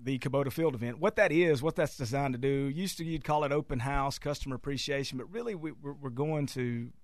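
A man, a dealer guest on a radio show, talking through a sales pitch with many halting fillers and restarts. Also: dry recording. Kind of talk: casual radio interview. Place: radio studio.

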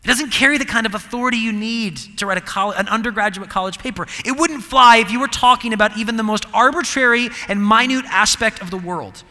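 A man preaching a sermon, emphatic, moving between loud declarations and quiet asides. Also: sits high, fast, few pauses. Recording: long reverb of a large hall.

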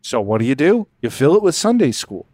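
A man's voice: mid-range voice, sing-song, a little fast, a little mellow, no room sound, clean studio sound. A man co-hosting a podcast, telling a story in a rambling, crude, joking way with sudden put-on voices. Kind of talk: casual comedic storytelling.

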